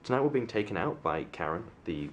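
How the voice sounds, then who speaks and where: Young man, very deep voice, casual vlog, rambling, self-deprecating, camera mic, faint noise. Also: big pitch swings, brisk. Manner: rambling, self-mocking, many fillers and restarts. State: sunburnt. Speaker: vlogger.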